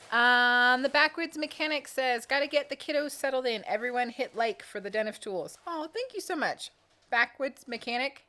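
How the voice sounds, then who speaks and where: A sleepy, chatty woman co-hosting a live tool show, reading viewer super chats and thanking donors playfully. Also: bright, forceful tone. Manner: chatty, sings playful high dings for donations. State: sleepy, yawning. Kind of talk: casual live-stream chat.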